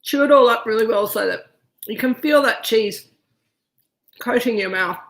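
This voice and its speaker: A woman's voice: on the high side, normal speed, fairly bright tone. A woman leading a casual live wine tasting class, chatting freely while chewing cheese. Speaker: winemaker leading a virtual tasting.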